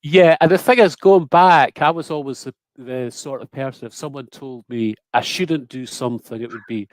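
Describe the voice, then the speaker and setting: A Scottish man speaking as a guest on a video call, talking casually and haltingly, often repeating his words. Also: mid-range voice, dry recording. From Scotland. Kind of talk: casual conversation.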